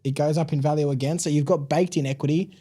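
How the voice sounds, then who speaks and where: An Australian man telling his story as a podcast guest, chatty and relaxed, with plenty of "like" and "man" in his talk. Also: fairly high pitch, fast talker. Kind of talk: casual interview storytelling.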